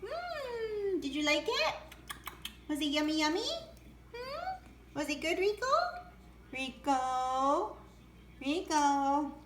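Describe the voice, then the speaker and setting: Woman, very high voice, slow sing-song pet talk; roomy home recording, faint hiss. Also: lively intonation. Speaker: pet bird owner.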